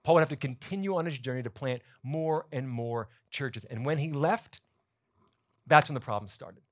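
A man preaching a sermon to his church congregation, explaining scripture in a lively, conversational teaching manner. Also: medium pitch, normal speed. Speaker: pastor. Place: church sanctuary.

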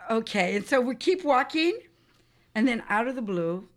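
A woman's voice: a little high, sing-song, normal speed. A woman telling an emotional personal story in an interview, acting out what others said. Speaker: interviewee, mother.

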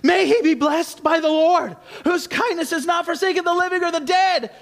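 A man voicing an excited older woman who gushes with joy. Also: extremely high pitch, normal speed, creaky, pitched above the performer's own voice, exaggerated voice. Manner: excited, breathless, gushing. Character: elated older woman, mother-in-law.

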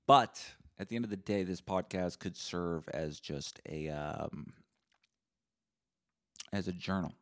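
Deep-voiced man rambling crudely. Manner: rambling, crude deadpan humor. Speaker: podcast host. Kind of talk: solo podcast monologue.

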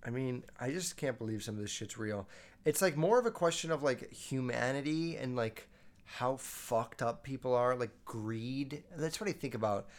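A man's voice: mid-range voice, normal speed. Rambling young man, casual swearing commentary. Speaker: host.

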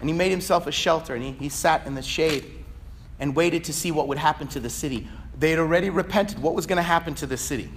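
A man preaching a sermon, swinging between fervent shouting and quiet, conversational asides. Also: fairly high pitch, fast, a little hiss or hum. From Virginia, USA. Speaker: pastor.

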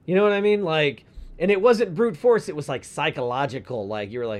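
Male podcast co-host, high voice, casual, crude humor. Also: brisk. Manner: joking, profane, reads letters aloud. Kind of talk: casual chat.

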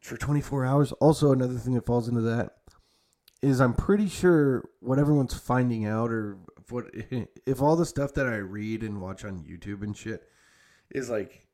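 A young adult man with a mellow mid-range voice hosts a podcast at normal speed. The conversation is casual and rambling, with heavy swearing, frequent fillers, and restarts.

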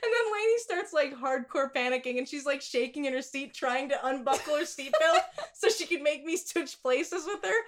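A young woman co-hosting a podcast, telling a funny story in a casual, giggly, animated way. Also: high voice, normal speed, few pauses. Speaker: podcast co-host.

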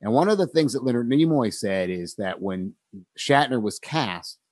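A man's voice: medium pitch, lively intonation, a little mellow, dry recording. A thoughtful man chatting about writing. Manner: thoughtful, with many pauses and ums, laughs easily. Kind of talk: casual conversation about writing.

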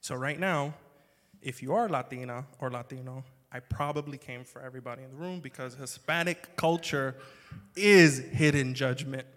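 A man preaching as a pastor. He talks in a conversational, joking way and breaks into loud, emphatic bursts. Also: medium pitch, fairly quick. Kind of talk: sermon. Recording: long hall reverb.

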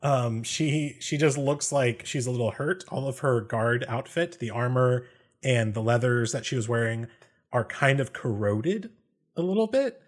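A man's voice: mid-range voice, measured pace. A man narrating as game master of a tabletop game, casual with many fillers. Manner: casual, many ums and likes.

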